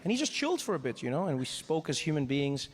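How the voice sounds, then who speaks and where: A male stand-up comedian from Africa tells a story in a high, fast voice. He acts out each scene with lively energy.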